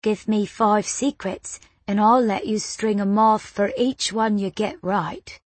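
A woman voicing an eerie, teasing winged boy with a soft Cockney accent. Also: medium pitch, takes it slowly, dry recording. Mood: coaxing. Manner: soft, rustling voice.

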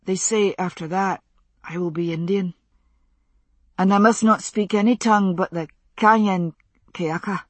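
A woman voicing a resolute young Scottish man who speaks softly, with a Scottish accent. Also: medium pitch, fairly even intonation, measured pace, long pauses, dry recording, natural voice. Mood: quiet resolve. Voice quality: soft-spoken.

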